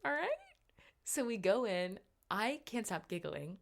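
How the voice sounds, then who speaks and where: A podcast host tells a story in a casual, animated, self-mocking way, her voice jumping up for the punchlines. She has a medium-pitched voice with vocal fry and speaks at a measured pace.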